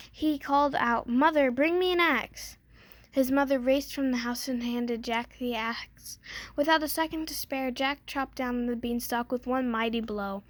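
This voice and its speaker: A woman reads a fairy tale aloud in a gentle storybook way, with small slips here and there. Her voice sits high. The recording is close and dry. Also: no room sound.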